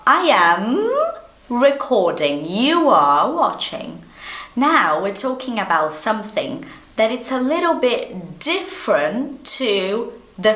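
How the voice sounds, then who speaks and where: Animated Brazilian woman teaching English. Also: mid-range voice, echoey room. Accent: Brazilian Portuguese. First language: Portuguese. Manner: animated, emphatic, repeats key phrases. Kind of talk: English lesson to camera.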